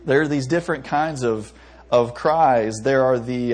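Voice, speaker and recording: Young male pastor, husky voice, casual sermon, stumbles and chuckles. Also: medium pitch, measured pace, a little mellow. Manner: conversational preaching with stumbles and self-amused laughs.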